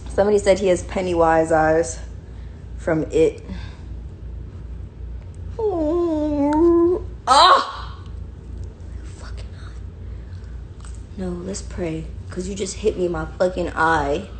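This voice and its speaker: A woman's voice: lowish voice, fairly even intonation, normal speed, a little mellow, a little hiss or hum. A young woman with a New York accent on a casual phone livestream at home, switching between slangy chat with viewers and playful baby talk to her puppy. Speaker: social media personality. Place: home, indoors.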